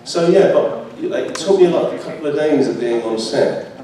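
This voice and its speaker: A British actor answers fan questions at a convention panel, chatty and laughing often. His voice is on the high side, expressive and mellow, at a moderate pace. The large hall is echoey and the mic is distant.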